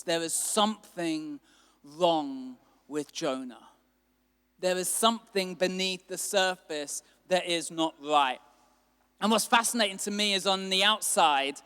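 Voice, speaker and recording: A man preaching a sermon as a pastor, animated and acting out quotes with sudden bursts of loudness. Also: high voice, smooth. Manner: animated, acts out quotes with big swings in loudness. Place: church hall. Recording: long hall reverb.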